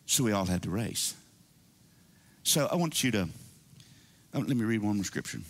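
A man preaching a sermon to his church, animated and climbing into high excited calls. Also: normal speed, pauses often. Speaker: pastor.

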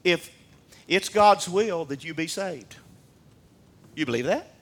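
A man preaching in a church with a folksy, fervent delivery. His voice sits a touch high for a man. He climbs to ringing peaks, then drops to hushed, confiding asides. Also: animated, takes it slowly, creaky. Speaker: pastor. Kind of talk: sermon.

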